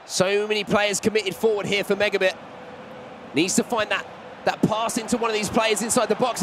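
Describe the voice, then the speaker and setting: A high-voiced man calls an esports football match play by play, lifting his voice with excitement as chances come. Faint noise hums under the recording. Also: a little fast. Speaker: esports commentator. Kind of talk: play-by-play commentary.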